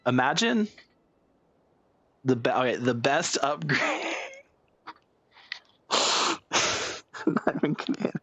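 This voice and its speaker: A man's voice: medium pitch, expressive, slow, long pauses, a bit bright, no room sound. A young man streaming a video game, chatting casually, rambling and breaking into giggles. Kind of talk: casual gameplay chat. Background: game music.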